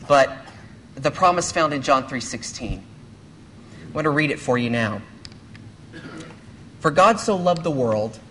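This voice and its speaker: A pastor delivers a sermon to his church congregation, earnest and measured, often asking rhetorical questions. His mid-range voice is a bit bright, with a little hiss or hum in the recording.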